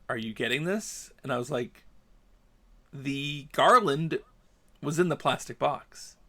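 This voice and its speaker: A man on a podcast, casually telling a story and acting out the dialogue with rising animation. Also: mid-range voice. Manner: animated, acts out dialogue, gets heated. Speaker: podcast host.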